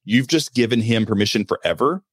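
A man's voice: lowish voice, fairly quick, slightly rough, no room sound. A man speaking as a podcast guest in casual chat, candid and earnest, with self-deprecating humor.

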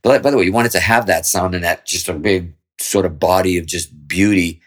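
A man's voice: deep voice, fairly quick. A middle-aged man, a guest guitarist in a casual interview chat, explaining his views at length with candid, freely swearing talk.

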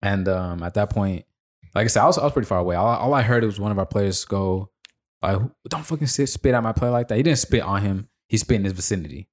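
A man's voice: lowish voice, quick pace. A man co-hosting a podcast, telling a laid-back story with casual swearing and frequent laughs. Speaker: podcast co-host. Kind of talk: casual chat.

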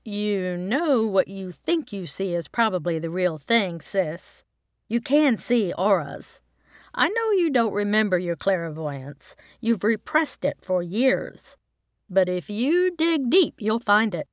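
A woman voicing a playful, knowing older sister who teases in a drawn-out, mischievous way. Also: mid-range voice, sing-song, no room sound, studio quality. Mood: teasing.

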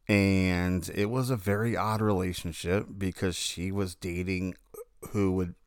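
A man's voice: deep voice, fairly bright tone, dry recording, studio quality. A man casually telling a long, rambling story about his dreams, often correcting himself mid-sentence.

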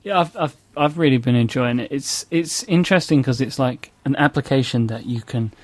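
A man co-hosting a podcast, chatting casually and explaining things at a steady pace. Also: mid-range voice, fairly quick, dry recording. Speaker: podcast co-host.

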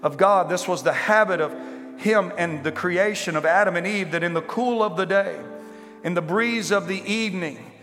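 A male pastor preaching a sermon to a congregation, building to impassioned shouting and repeated rhetorical questions. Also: high-pitched. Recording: live sermon in a reverberant hall with faint instrument.

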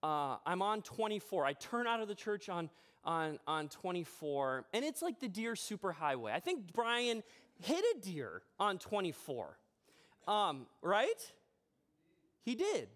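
A man preaching a sermon as pastor in a church, telling a personal story in a chatty, animated way with self-deprecating humor. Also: sits high, a little slow. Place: church sanctuary.

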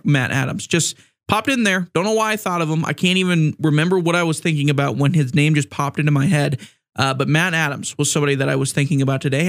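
A man hosting a sports podcast, talking casually in a rambling way, restarting phrases and adding sarcastic asides. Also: fairly high pitch. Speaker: podcast host.

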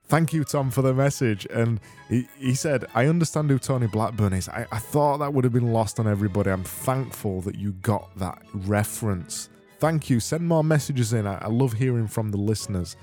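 A man's voice: fairly low pitch, mellow. A man hosting a comedy podcast, sarcastically gushing thanks to listeners in a mock-cheerful monologue with stammering restarts. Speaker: podcast host.

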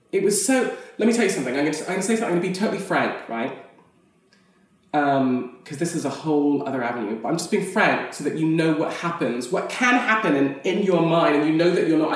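An actress on a podcast tells a personal story in candid conversation, speaking frankly and animatedly and laughing often. Her voice is low. The recording is off mic in a very echoey room, so she sounds distant.

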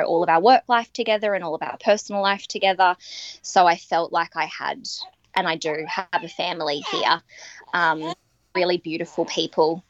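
A woman, telling her personal story as a podcast guest, earnest and halting with many ums and restarts. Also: fairly low pitch. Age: 30s. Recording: dry, dull lo-fi recording.

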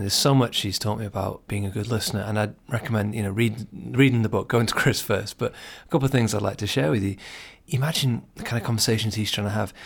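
A man's voice: lowish voice, creaky. A man hosting a podcast, giving earnest, encouraging advice straight to the listener in a casual monologue. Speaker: podcast host.

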